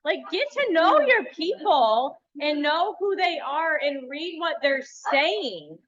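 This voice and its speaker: A young adult woman coach talking casually to a workshop, blunt and animated as she tells stories. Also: high-pitched, slow pace. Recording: dull lo-fi sound.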